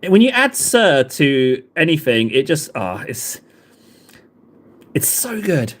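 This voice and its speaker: Animated jokey southern English man. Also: a little high, slow. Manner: rambling, self-mocking, jokey. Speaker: livestream host. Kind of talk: casual chat to live viewers.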